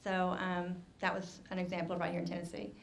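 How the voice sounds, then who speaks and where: A woman moderating a press conference, speaking in an even, measured way. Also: fairly low pitch, slight background noise.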